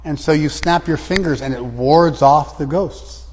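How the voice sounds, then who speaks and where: A man's voice: fairly high pitch, a little slow, darkish tone, slightly rough, long reverb tail. A man leading a scripture class, probing his students with repeated questions. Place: class room, some students joining by phone.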